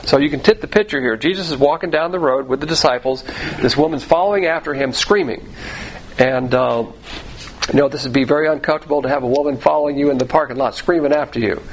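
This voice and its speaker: A man's voice: fairly high pitch, fast talker, slight background noise, rough recording. Man teaching Bible verses, chatty. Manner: conversational, repeats phrases, restarts sentences.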